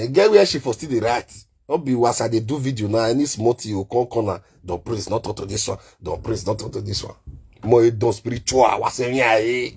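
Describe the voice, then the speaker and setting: A man with a Nigerian Pidgin accent ranting in an animated vlog, swinging between shouting and muttering. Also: medium pitch, slightly rough. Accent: Nigerian Pidgin English. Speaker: online content creator.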